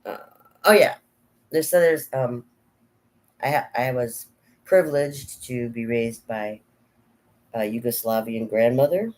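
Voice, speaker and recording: A woman's voice: extremely low pitch, measured pace, long pauses, darkish tone. A woman vlogger talking casually and frankly, rambling between thoughts and often laughing at herself. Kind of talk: casual personal chat.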